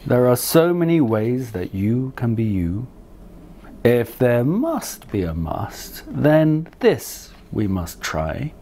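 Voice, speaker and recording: A man doing a gentle poetic lion. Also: medium pitch, very animated, slow, full character voice. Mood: calm. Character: gentle poetic male lion, kind and thoughtful.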